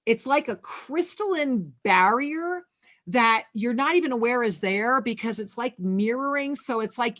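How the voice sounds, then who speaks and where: A woman hosting a spiritual talk radio show, effusive with callers and giving intuitive readings in a soft, flowing way. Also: a little high, expressive, measured pace. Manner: effusive, calls callers sweetheart and angel.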